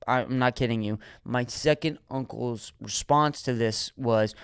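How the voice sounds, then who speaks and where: Brief: male comedian, solo podcast host, smooth voice, dry close sound, rambling and animated. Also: mid-range voice, a little slow, hardly any pauses, no room sound. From Erie, Pennsylvania. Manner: rambling, animated, swears freely, acts out quotes.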